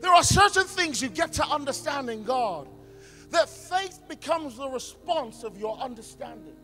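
A male pastor preaching an emphatic sermon, swinging between loud declarations and quiet asides. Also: extremely high pitch, very animated, moderate pace, faint music behind. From England. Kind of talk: conference sermon.

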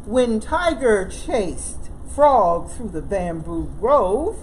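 A woman children's librarian reading a picture book aloud, expressive and slow. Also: mid-range voice, slight background noise, low-quality recording. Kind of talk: storybook read-aloud narration.

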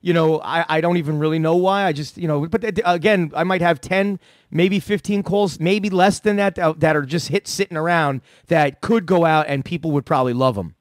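A man's voice: a little high, brisk, no room sound, clean studio sound. A man, a prank-call comedian, chatting casually on a radio show and telling stories in a rambling, profane way with lots of restarts.

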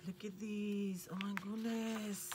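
A woman's voice: medium pitch, flat delivery, slow pace. A woman, hosting a craft channel and gushing over the crafting supplies she unboxes. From Puerto Rico. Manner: gushing, enthusiastic. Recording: noticeable background noise.

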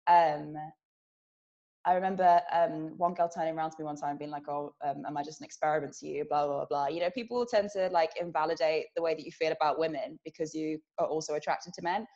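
A young Englishwoman with a British accent has a deep, dark-toned voice with fairly even intonation and speaks a little fast. Chatting as a podcast guest in a casual interview, she laughs often between sentences, recorded in muffled lo-fi audio.

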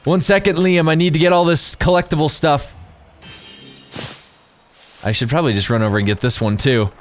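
Excitable gamer man. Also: mid-range voice, fairly quick, faint music behind. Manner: excitable, rambling, laughs often. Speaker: gaming YouTuber. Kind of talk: casual let's-play commentary.

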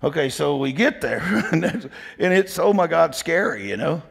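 Gravelly preacher in a reverberant hall. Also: male voice, a little high, very animated, normal speed. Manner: folksy, emphatic, repeats "did you hear me". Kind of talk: storytelling sermon. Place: church sanctuary.

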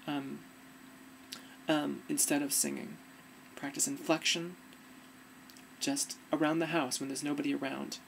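Low, gravelly-voiced woman vlogger. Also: flat delivery, measured pace, pauses often, a little hiss or hum. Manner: earnest, conversational, trails off and restarts. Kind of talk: casual advice talk to camera.

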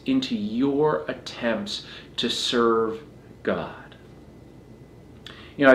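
A man's voice: mid-range voice, a little hiss or hum. Earnest male pastor preaching in an echoey room. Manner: earnest, repeats phrases while preaching. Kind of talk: sermon.

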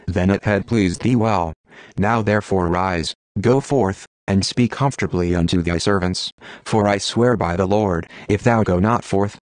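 A man reads old scripture aloud in a deep, low voice. His delivery is steady and measured, in the manner of an audiobook. The recording is dry and close, with no room sound. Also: no echo. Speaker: scripture reader.

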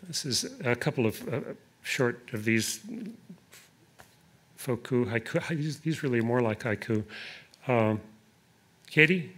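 A poet giving a live poetry reading, deliberate in the verse and hesitant in his asides. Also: medium pitch, fairly bright tone.

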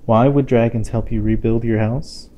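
A man reads a storybook aloud to a child in a mellow, warm voice. He is playful and expressive and breaks off for chatty asides to his young listener. A faint hum of room ambience sits behind him. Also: mid-range voice, normal speed. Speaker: storytime reader. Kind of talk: reading a picture book aloud to a child.

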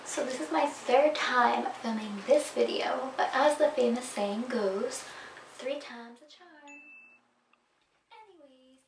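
A woman's voice: on the high side, vocal fry. A young woman chatting about her clothing haul in a bubbly way, sometimes dropping to a whisper for asides. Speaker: fashion vlogger. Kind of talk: casual clothing haul talk. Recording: echoey room, camera at a distance, faint background noise.

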